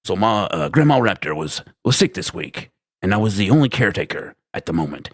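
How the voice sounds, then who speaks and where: A man hosting a livestream, reading chat aloud with profane, exasperated banter and sudden shouting, tired from lack of sleep. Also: lowish voice, sing-song, fairly quick. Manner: bursts into shouting. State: short on sleep.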